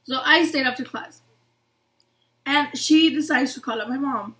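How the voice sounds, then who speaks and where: Chatty young woman, high voice. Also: measured pace. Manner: animated, acts out quotes with many "like" fillers. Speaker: vlogger. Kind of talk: casual storytime.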